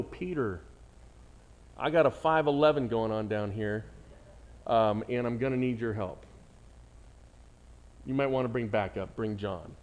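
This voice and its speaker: Preaching pastor with a drawl. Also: male voice, on the high side. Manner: call-and-response questions to the congregation. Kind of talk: sermon.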